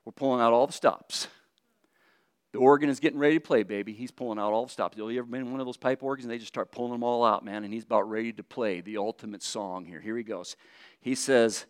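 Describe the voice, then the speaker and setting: A man's voice: a little high, fairly quick, clear, resonant tone, no echo, studio quality. A man preaching a sermon, reading scripture aloud and asking his listeners questions. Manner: animated, asks the audience questions, reads scripture aloud. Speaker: pastor.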